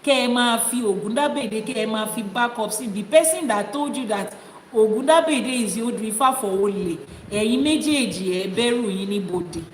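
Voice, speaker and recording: A woman's voice: fairly high pitch, fairly quick. A Nigerian woman with a Yoruba accent, an Ifa priestess and teacher giving a live-streamed teaching and answering viewers' comments. She talks in a forthright, scolding way and switches between English and Yoruba. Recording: roomy echo with long reverb, faint noise.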